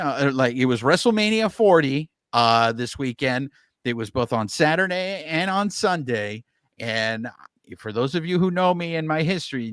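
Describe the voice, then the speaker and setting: A man co-hosting a podcast, explaining things at length in casual, animated chat with filler words. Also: mid-range voice, no room sound, clean studio sound. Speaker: podcast co-host.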